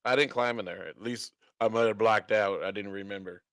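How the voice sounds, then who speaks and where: A man's voice: on the low side, brisk, fairly bright tone, dry recording. A man co-hosting a podcast, telling a story in a casual chat, laughing often and acting out the voices of the people in it. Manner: laughing storyteller, acts out dialogue. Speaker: podcast co-host.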